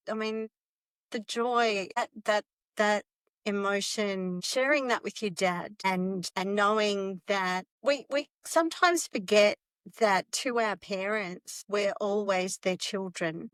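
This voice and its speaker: Woman podcast host, talks real slow, kinda repeats herself, dry mic. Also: medium pitch, clear, resonant tone, no echo. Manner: slow, warm-hearted, repeats words as she thinks. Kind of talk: conversational interview.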